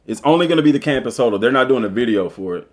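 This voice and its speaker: Talking very fast in a mid-range voice, this Southern US man is a streamer and school football coach reading an article on a live stream. He keeps it casual and animated, cracking jokes and chatting with viewers between the read passages.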